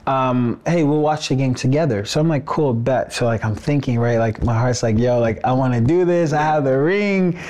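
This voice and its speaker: A young man telling a personal story on a podcast in a casual, animated way, dropping "bro" and "like" all through. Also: mid-range voice, normal speed, few pauses. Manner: animated, says "bro" and "like" often.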